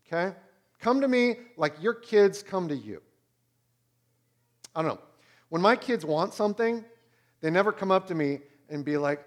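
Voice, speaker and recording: A pastor in his thirties preaching a sermon, swinging between loud and hushed. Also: high voice, lively intonation, moderate pace, pauses often.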